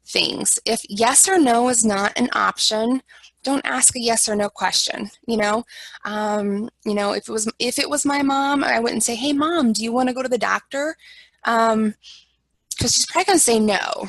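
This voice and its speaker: A woman's voice: a little high, creaky, a bit bright, no echo, low-quality recording. An American woman giving an informal talk on dementia care, chatty and full of ums and you-knows. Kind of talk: presentation lecture.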